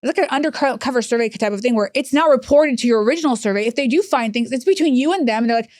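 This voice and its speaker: A woman in her thirties talks as a hospice executive in a podcast interview, with a fairly high voice. She tells stories with animation and jumps up in pitch to act out other people. The sound is close and dry, with no room around it. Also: rapid-fire, a little mellow, no echo.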